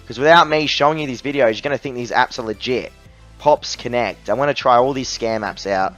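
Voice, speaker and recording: A man's voice: medium pitch, fairly quick, a bit bright, dull audio, faint music behind. A man reviewing a phone app in a voice-over, ranting angrily and scornfully about being ripped off. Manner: angry, exasperated, scornful ranting.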